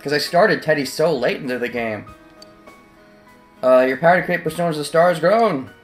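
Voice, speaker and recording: A man giving casual let's play commentary over a video game, chatty, sarcastic and excitable. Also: fairly high pitch, fairly quick, faint music behind.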